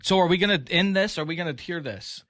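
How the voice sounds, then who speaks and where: A man's voice: high-pitched, quick pace, a bit bright, no echo, clean studio sound. A man hosting a podcast, joking and teasing his guests in casual chat. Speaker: podcast host.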